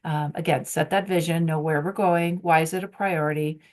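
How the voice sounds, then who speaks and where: A woman's voice: sits low, fairly even intonation, normal speed, a little mellow. A woman giving a conference presentation on workplace change, posing strings of rhetorical questions to the audience with frequent ums.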